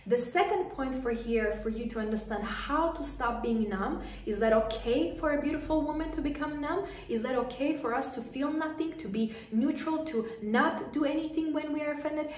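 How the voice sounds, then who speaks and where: Female coach, high voice, firm repeated commands; roomy distant recording. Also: moderate pace, hardly any pauses. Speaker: lifestyle coach. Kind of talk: motivational advice to camera. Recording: echoey room, voice distant from mic.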